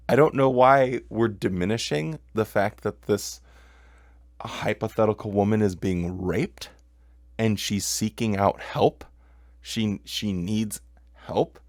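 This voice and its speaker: Low-voiced man commenting on texts. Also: slow, pauses often, no room sound, clean studio sound. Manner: reads quotes flatly, then speaks up with heated emphasis. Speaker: podcast host.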